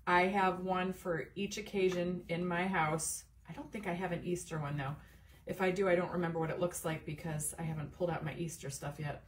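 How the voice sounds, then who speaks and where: A woman's voice: lowish voice, fairly even intonation, a little fast. Chatty woman hosting a craft livestream. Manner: chatty, greets viewers by name, rambling asides. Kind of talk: casual live crafting chat. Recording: slightly distant mic with faint room noise.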